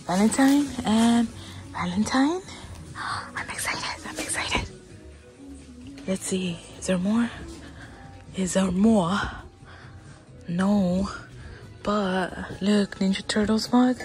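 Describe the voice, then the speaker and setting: Woman, unhurried delivery, whispery excitement, store-aisle phone vlog with light background music. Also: mid-range voice. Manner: slow, excitable, often drops to a whisper. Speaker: vlogger. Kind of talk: casual shopping vlog. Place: inside a large store.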